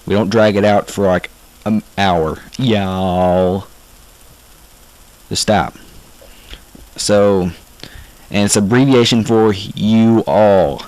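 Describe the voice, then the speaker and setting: A man's voice: on the low side, slow pace, pauses often, a little mellow, no echo, rough recording. A young man with a Southern US accent, rambling and correcting himself as he gives a casual how-to vlog. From Southern United States. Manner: rambling, self-correcting, mock-exasperated. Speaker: vlogger. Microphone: home webcam or camera mic.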